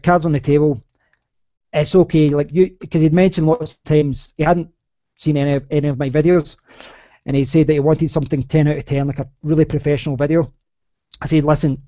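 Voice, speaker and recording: Rambling Scottish man with a dark tone. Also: fairly high pitch, dry recording. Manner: rambling with many restarts and laughs. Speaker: podcast host. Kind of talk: casual chat.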